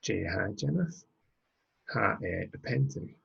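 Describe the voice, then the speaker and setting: Slow, gravelly low-voiced man teaching. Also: sing-song, a bit bright, highs cut off. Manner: slow, patient, repeats phrases for learners. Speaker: language tutor. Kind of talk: recorded language lesson.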